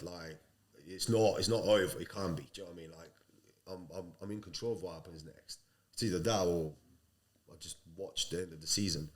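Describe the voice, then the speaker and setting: A man with a very low voice tells his story as a podcast guest. He talks casually and bluntly, with plenty of swearing. He sounds like a man in his thirties. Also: a bit bright. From Sicily.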